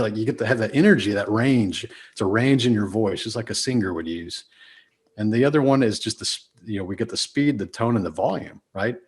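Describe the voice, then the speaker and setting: A man's voice: on the low side, brisk, slightly rough. A man with a Texas accent, a podcast guest talking casually and emphatically, often shifting his speed and volume. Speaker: podcast guest, business speaker.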